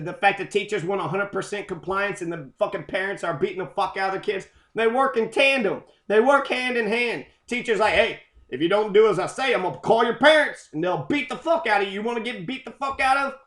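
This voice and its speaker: A man rambling through a profane, excitable rant about quotes, swearing constantly as he goes. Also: high-pitched, roomy sound. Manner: heavy swearing, loose and excitable. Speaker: commentator on quotes.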